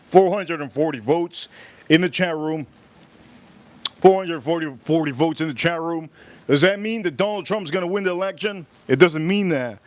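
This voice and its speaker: Guy on a livestream munching and chatting away, voice a bit on the high side. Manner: chatty, reacts aloud while eating. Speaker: livestream host. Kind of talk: casual livestream food tasting.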